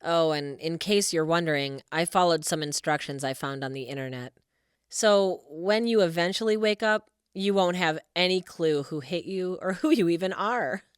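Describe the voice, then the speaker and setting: Casting: woman as a smothering, scheming mom with a lowish voice, sing-song and possessive, dry close recording. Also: normal speed, clear, resonant tone, no echo, close to an everyday voice. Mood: gloating. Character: overbearing scheming middle-aged mother. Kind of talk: animated story voice-over.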